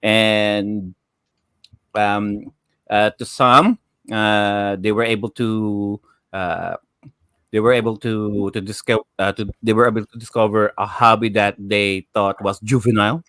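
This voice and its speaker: A male host who opens the discussion hesitantly, his speech full of "uh" and "um". His voice is fairly low, and it is recorded close and dry, with almost no room sound. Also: level tone, unhurried, a bit bright, clear, resonant tone, dry recording. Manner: hesitant, many filler sounds. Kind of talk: casual panel chat.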